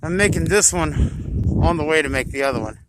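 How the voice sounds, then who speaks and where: A man's voice: fairly high pitch, brisk. A man vlogging a casual rant outdoors while on the way somewhere, blunt and profane, chewing gum as he talks. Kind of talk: casual ranting monologue. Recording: outdoor noise clearly behind.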